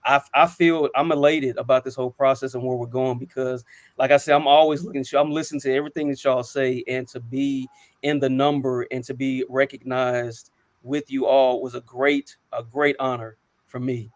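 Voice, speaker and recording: A man's voice: medium pitch, little pitch movement, moderate pace, no room sound. Guy in his 30s telling personal stories, earnest, lots of ums and restarts, dry close sound. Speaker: co-host. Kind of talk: reflective personal storytelling.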